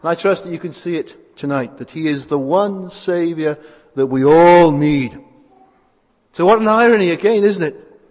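A man's voice: on the high side, normal speed, darkish tone. A man preaching a sermon, asking rhetorical tag questions and repeating phrases for emphasis. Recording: hall with long reverb.

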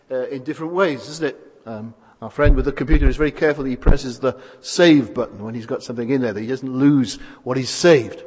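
A man preaching a sermon, asking rhetorical tag questions and repeating phrases for emphasis. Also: fairly high pitch. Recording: hall with long reverb.

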